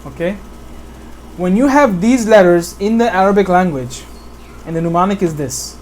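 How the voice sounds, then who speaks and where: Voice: medium pitch, a little mellow, slight background noise. Patient American tajweed tutor. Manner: patient, checks understanding with frequent "okay?"; models Arabic sounds slowly, corrects self mid-sentence. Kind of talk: one-on-one online lesson.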